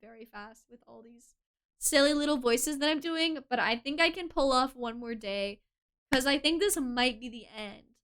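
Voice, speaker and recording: Young woman streamer, giggly, self-deprecating, strained voice, high and bright, unhurried. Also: clear, resonant tone. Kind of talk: gaming commentary.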